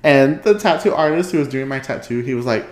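A man's voice: mid-range voice, lively intonation, a little fast. A man hosting a podcast in casual chat at home, rambling, getting sidetracked and laughing often. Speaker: podcast host. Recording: echoey room.

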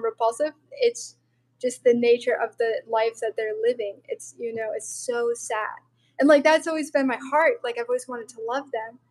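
High-voiced young woman telling a story. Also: rough recording. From Montana, USA. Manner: animated storytelling full of "like". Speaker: guest. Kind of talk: personal testimony in casual chat.

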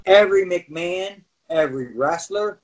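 A man's voice: high-pitched, a little slow, dull audio. A middle-aged man, a former wrestler, telling backstage stories in casual chat and acting out what people said. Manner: animated, acts out quotes, laughs often. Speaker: podcast guest, former wrestler. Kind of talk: casual storytelling.

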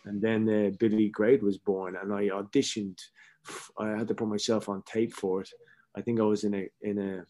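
A middle-aged man with a fairly low voice tells stories as an interview guest. He speaks candidly, swears freely and gets animated in his anecdotes. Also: moderate pace. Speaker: actor guest. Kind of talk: casual interview storytelling.

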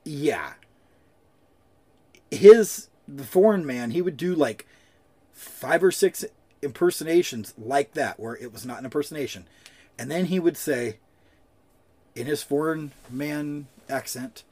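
A man's voice: on the high side, lively intonation, a little slow, long pauses, a little mellow. A man co-hosting a podcast, telling loose, jokey stories in casual chat and swearing freely. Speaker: podcast co-host.

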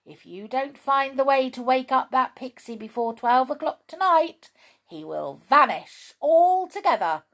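A woman voicing an ugly male goblin thief who shouts and gloats in a storybook reading. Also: sits high, expressive, a little slow, pitched above the performer's own voice, full character voice. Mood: gloating.

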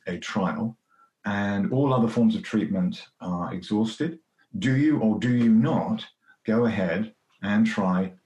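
A man with a fairly low voice answers in a measured, careful way, often repeating words as he gathers his thoughts. The room around him is echoey. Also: darkish tone. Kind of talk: panel discussion answer.

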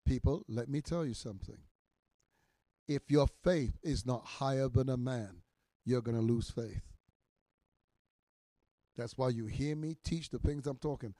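A man in his sixties, a minister teaching in a podcast sermon, emphatic and repetitive, his voice swelling loud on key words. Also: mid-range voice, measured pace, pauses often, no echo. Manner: repeats phrases for emphasis.

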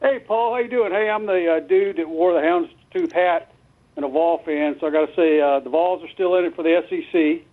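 Man, radio caller, casual, halting, high voice, tinny phone line. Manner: casual, hesitant with fillers. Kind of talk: phone-in call.

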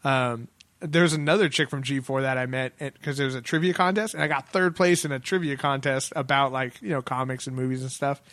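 A man's voice: mid-range voice, fairly even intonation, brisk, fairly bright tone, no room sound. A man, hosting a podcast and telling rambling stories with frequent laughter in casual chat. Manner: laughs often, loose rambling storytelling. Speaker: podcast host.

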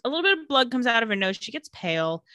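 A woman telling a TV recap in an animated, chatty way, her voice bright and sharp-edged. Her pitch swings widely as she narrates, and she laughs often. The sound is dry and close, with no room around it. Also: rapid-fire, no echo. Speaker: podcast co-host recapping a TV episode. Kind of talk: casual recap chat.

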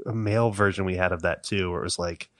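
Male co-host, forceful bright voice, dry close sound, casual rambling film talk. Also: low-pitched, fairly even intonation, fast talker, dry recording. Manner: rambling, joking, many restarts. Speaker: podcast co-host.

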